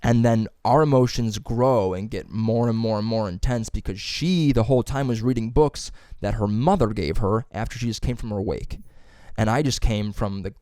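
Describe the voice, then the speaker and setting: A man's voice: fairly low pitch, moderate pace, few pauses, darkish tone, clean tone, dry recording, clean studio sound. A young man hosting a podcast, telling a long story in casual chat with lots of fillers and swearing. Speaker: podcast host.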